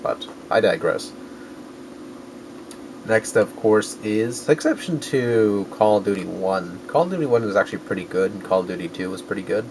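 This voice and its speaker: A man's voice: lowish voice, animated, moderate pace, noisy background. A man rambling casually in a vlog about his collecting finds, correcting himself often and dropping crude jokes. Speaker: video game collector vlogger.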